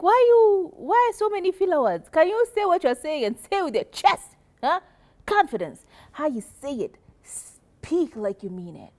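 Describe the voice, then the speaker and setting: A woman from Kenya co-hosting a casual podcast chat, animated, often acting out other people's voices and laughing. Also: high voice, moderate pace. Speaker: podcast co-host.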